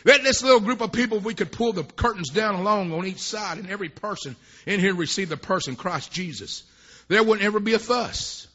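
A man preaching a sermon at a church service, telling folksy, rambling stories that swell into fervent shouts. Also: high voice, lively intonation, fairly quick. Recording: dull lo-fi recording.

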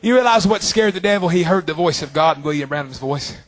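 A man preaching a sermon fervently, with long drawn-out phrases. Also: on the high side, lively intonation.

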